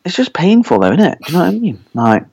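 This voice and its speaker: A man's voice: on the high side, sing-song, fast, creaky, darkish tone, husky. A young man co-hosting a podcast, rambling and swearing as he vents in casual chat. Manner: swears freely, rambling venting. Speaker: podcast co-host.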